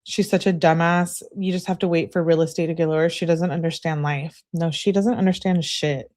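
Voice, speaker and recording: Blunt, low-voiced woman streamer. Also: steady tone, brisk, darkish tone. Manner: blunt, opinionated, swears freely. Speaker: true crime livestream host. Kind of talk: casual commentary on a livestream, reading text messages aloud.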